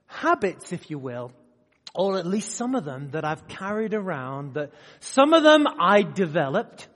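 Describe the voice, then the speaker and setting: A man preaching a sermon to a live audience, swinging between loud emphatic bursts and quiet asides and often putting questions to the room. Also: high-pitched, sing-song, a little slow. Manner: asks the audience direct questions. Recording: long hall reverb.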